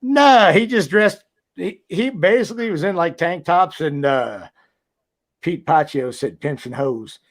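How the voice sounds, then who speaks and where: Man, casual profane storyteller, slightly raised pitch, video call. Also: expressive, measured pace. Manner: loose, profane storytelling with acted-out quotes. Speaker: podcast co-host, former wrestler.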